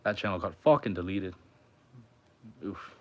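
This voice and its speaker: A man's voice: sits low, animated, measured pace, a little mellow, muffled recording. A man musician chatting casually on a livestream from his home, rambling and swearing a lot. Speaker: musician streamer.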